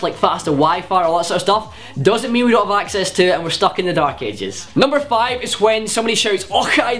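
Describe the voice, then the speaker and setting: A man's voice: high voice, a bit bright. A young Scottish man in his twenties, ranting bluntly and swearing through a countdown vlog. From Scotland. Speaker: YouTuber.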